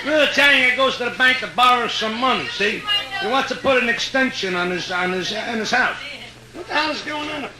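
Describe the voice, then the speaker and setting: Middle-aged Brooklyn man, brash live stand-up comic, very high voice, echoey club with loud ambience. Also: a loud crowd. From Brooklyn, New York. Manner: brash, rapid joke-telling with a streetwise tone. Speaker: stand-up comedian. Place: hotel nightclub stage.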